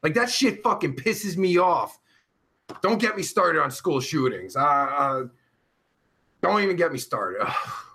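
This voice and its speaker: A man hosting a live chat show, reading viewers' messages and riffing on them in a crude, rambling way that flares up easily. His voice sits high and sounds bright and edgy. He swings widely up and down in pitch and talks at an unhurried pace. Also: big pitch swings, vocal fry. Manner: rambling, vulgar, quick to get riled up.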